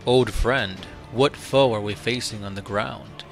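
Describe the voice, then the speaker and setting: A man's voice: lowish voice, a little slow, gravelly, soft background music. A man reading the part of a weary veteran captain with a wry, resigned manner. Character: weary veteran male captain, old comrade.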